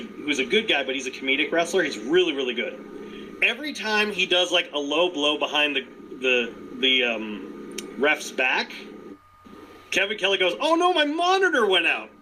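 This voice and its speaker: A man co-hosting a podcast in casual chat, animated, laughing often and trailing off into restarts. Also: on the high side, a little hiss or hum, rough recording. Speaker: podcast co-host.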